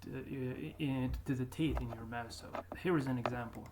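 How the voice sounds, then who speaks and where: This is a YouTuber casually reacting to his earlier clips to track his accent progress. He speaks at normal speed in a mid-range voice, hesitantly, with frequent fillers and false starts, and steady noise runs underneath.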